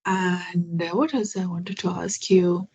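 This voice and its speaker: Her voice is fairly low, husky and a little mellow, with a steady tone and slow pace, captured on a rough recording. She hosts English conversation practice by video call, chatty and curious in her questions, with many fillers and restarts.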